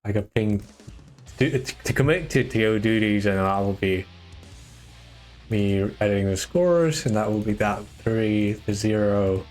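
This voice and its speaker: A man's voice: on the low side, unhurried, faint music behind. A man from Germany, chatting casually while commentating a live fighting-game tournament and handling its organization. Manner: chatty, restarts sentences, excitable on big plays.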